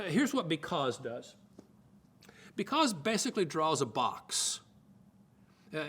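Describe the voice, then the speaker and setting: A man's voice: fairly high pitch, a bit bright. An older man giving a folksy, conversational teaching talk at a Bible college, often repeating words as he thinks aloud.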